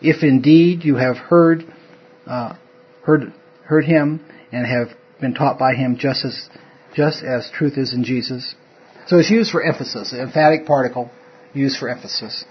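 This Bible study teacher speaks at medium pitch and moderate pace, his voice slightly rough. His informal lesson rambles with self-interruptions and corrections, punctuated by regular chuckles, all captured in a dull lo-fi room.

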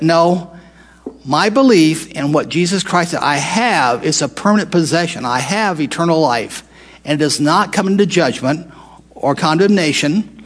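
A man's voice: fairly high pitch, expressive, a little slow, fairly bright tone. A man teaching a Bible study in a conversational way, asking questions and repeating phrases for emphasis.

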